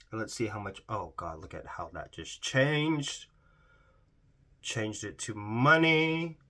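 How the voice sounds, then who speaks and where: Gushing man swatching makeup, lively voice. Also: fairly low pitch. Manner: gushing, exclaims often, trails off mid-sentence. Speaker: beauty vlogger. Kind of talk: casual makeup swatching vlog.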